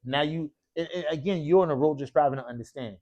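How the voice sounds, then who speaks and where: A man's voice: on the high side, quick pace, a little mellow, highs cut off. A man teaching an Arabic grammar class in a mosque classroom, constantly quizzing his students with questions. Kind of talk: classroom lesson.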